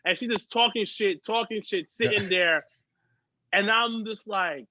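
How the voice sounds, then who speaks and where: A man's voice: high-pitched, normal speed, bright, forceful tone, no room sound, highs cut off. A man, a guest on a podcast, telling stories in chatty, profane casual conversation. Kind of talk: casual chat.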